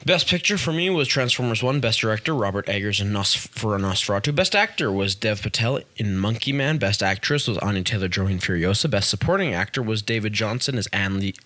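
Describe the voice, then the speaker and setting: A man co-hosting a casual podcast, reading his award picks briskly with blunt asides. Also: lowish voice, lively intonation, bright, forceful tone. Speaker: podcast co-host. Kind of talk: casual chat.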